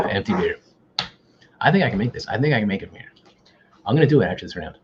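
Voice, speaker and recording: A man's voice: fairly low pitch, very animated, moderate pace, highs cut off, background noise. A man hosting an online quiz, bantering casually and teasing himself. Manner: joking, self-deprecating banter. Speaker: quiz host.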